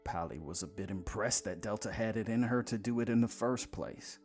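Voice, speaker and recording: A man narrating a vampire story in a dramatic, expressive manner. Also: fairly low pitch, fairly quick, faint music behind.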